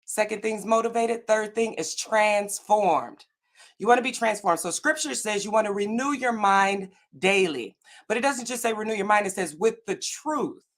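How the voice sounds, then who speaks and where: A woman's voice: medium pitch, normal speed. A woman giving an earnest, faith-based motivational talk on a video call, often checking in with "right?" and "okay?". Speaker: summit speaker.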